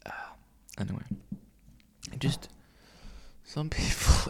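Gravelly man ranting casually. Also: medium pitch, measured pace, pauses often, in a whisper. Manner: profane, ranting, with many fillers and restarts. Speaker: vlogger. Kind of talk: casual rambling monologue.

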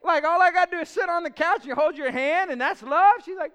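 A man's voice: very high-pitched, fast, few pauses, a bit bright, big-room sound. A middle-aged man, preaching on marriage and acting out both sides of arguments as he tells stories. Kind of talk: sermon on marriage.

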